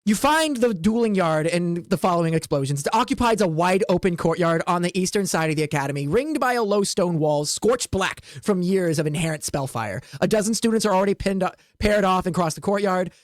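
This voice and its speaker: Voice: medium pitch, animated, brisk, few pauses, no echo. Hesitant game master narrating a tabletop game. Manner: rambling, hesitant, with many "like" and "um".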